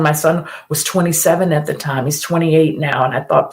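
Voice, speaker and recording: A woman's voice: sits low, steady tone, a little fast, hardly any pauses. A middle-aged woman hosting a live stream, telling a personal story in an earnest, emphatic way and repeating key phrases.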